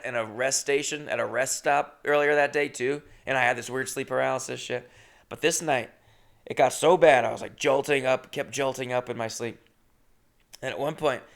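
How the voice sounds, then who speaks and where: Male comic host, gravelly mid-range voice, loose rambling profane solo podcast delivery. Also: mid-range voice, a bit bright. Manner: rambling, profane, self-deprecating.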